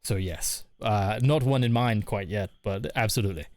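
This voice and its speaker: A man's voice: on the low side, normal speed, no room sound. A man streaming live, chatting casually and candidly with his viewers while reading their messages, laughing often. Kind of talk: casual chat.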